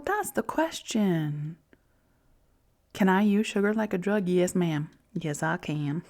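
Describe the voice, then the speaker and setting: Soft-whispering woman in her forties. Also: lowish voice, sing-song, slow pace. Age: 40s. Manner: soft, often whispered, soothing self-talk. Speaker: podcast host. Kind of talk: reflective self-help monologue.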